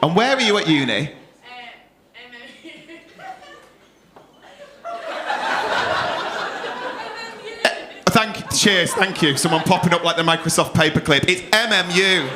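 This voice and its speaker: Cheeky high-voiced man compering a comedy club. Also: sing-song, takes it slowly, long pauses. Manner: cheeky, swearing, teasing the audience. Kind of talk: crowd work at a comedy night. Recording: live club room with crowd noise.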